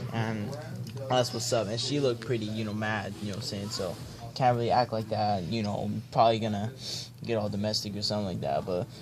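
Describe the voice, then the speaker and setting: Fairly quick and steady-toned, a young man with a lowish voice jokingly reads a children's storybook, ad-libbing in laid-back slang with comic asides. Friends chat and laugh nearby, and a crowd can be heard in the background.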